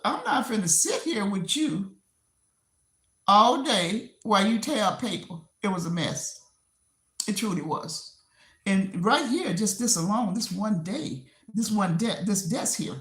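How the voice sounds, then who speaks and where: A woman hosting a casual livestream from home while she clears her desk. She rambles and repeats herself, laughing often. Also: mid-range voice. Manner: rambling and repetitive, with frequent laughs. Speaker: livestream host. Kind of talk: casual live-stream chat. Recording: roomy echo.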